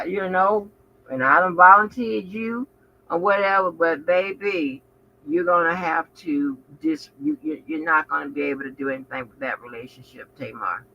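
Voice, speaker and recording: A woman hosting a reaction commentary channel, profane and animated, talking back at the clips she plays. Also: medium pitch. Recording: muffled with faint background noise.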